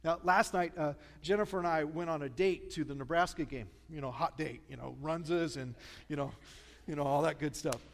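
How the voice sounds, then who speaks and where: Chatty Midwestern pastor in a big hall. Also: male voice, fairly high pitch, a little fast, vocal fry. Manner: storytelling, chatty, self-deprecating humor. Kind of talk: sermon. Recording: long reverb of a large church hall.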